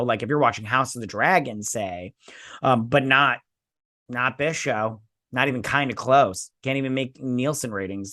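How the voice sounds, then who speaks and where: A man's voice: mid-range voice, sharp tone, no echo, studio quality. Blunt, sarcastic man reviewing on camera. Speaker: host. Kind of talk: casual review vlog.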